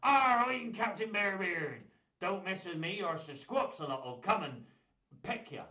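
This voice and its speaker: Man puppeteering a brash pirate bear gal, pitched up and loud, pirate growls, roomy echo; cartoonish kids' puppet voice. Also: animated, unhurried, full character voice. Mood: threatening.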